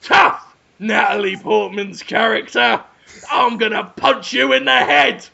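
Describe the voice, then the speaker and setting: A man playing a brutish, foul-mouthed fascist policeman, shouting crude threats. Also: sits high, a little slow, gravelly, dull audio, exaggerated voice. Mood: gloating.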